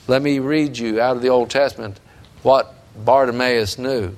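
A male preacher delivering a sermon with a smooth, resonant voice at a middling pitch. He preaches fervently and with emphasis, building intensity as he drives his points home. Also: steady tone, moderate pace.

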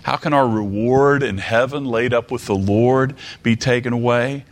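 A middle-aged man delivers a sermon slowly and deliberately in a medium-pitched voice, repeating words for emphasis and putting rhetorical questions to the congregation.

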